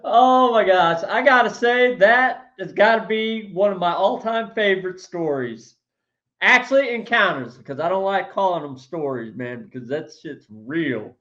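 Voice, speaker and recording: A male podcast host chatting casually with his guest, enthusiastic and quick to laugh. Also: high-pitched, animated, fairly bright tone, highs cut off. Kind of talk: casual interview chat.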